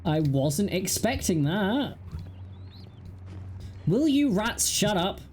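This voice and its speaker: A woman's voice: medium pitch, very animated, takes it slowly, darkish tone. A young woman streaming a horror game, joking at herself and reacting aloud in a playful, casual way. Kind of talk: casual live gameplay commentary. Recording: stream with faint game music.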